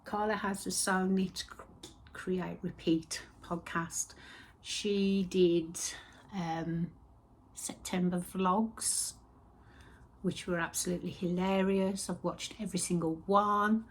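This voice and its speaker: A woman hosting a crafting podcast, chatting casually and rambling, with soft whispered asides. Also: on the low side, fairly even intonation, slow pace. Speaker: host of a knitting and spinning podcast. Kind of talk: casual chat.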